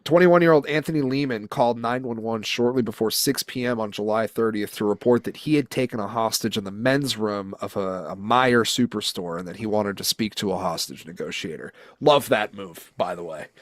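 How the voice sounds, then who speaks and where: A young man co-hosts a sports talk show in a casual chat, reading odd news stories and headlines aloud, then riffing on them with jokes and swearing like a profane, joking storyteller. His voice is medium-pitched, recorded as clean studio sound with no echo.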